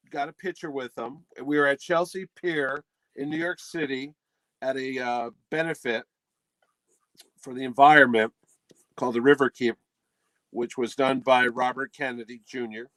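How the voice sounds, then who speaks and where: A man's voice: mid-range voice, unhurried, long pauses, no room sound, rough recording. A middle-aged man hosting a podcast, telling a comic story in a casual chat and acting out the quotes. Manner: animated, acts out quotes in the story. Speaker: podcast host.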